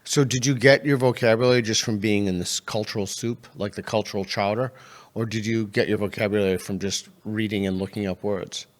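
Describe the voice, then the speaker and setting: A man hosting a podcast conversation, asking probing questions in a measured way. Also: on the low side, fairly even intonation. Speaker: podcast host. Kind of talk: casual conversation.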